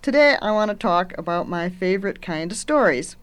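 Middle-aged woman teacher, gentle and earnest, talking about favorite books. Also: on the low side, animated, brisk, clean tone. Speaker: university teacher.

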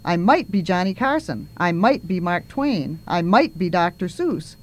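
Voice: medium pitch, expressive, a little slow, close to an everyday voice. A reader doing a brash, bizarre party crasher. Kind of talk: reading a story aloud.

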